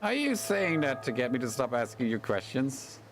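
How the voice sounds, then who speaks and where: A man's voice: mid-range voice, very animated, normal speed, background noise. A young man streaming a video game, commenting casually, muttering and swearing and reading the game's text aloud.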